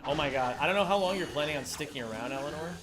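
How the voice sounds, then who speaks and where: A young game streamer chats casually while speedrunning a game, joking around in a rambling, giggly way. His slightly high voice is expressive and very fast. Game music plays behind him.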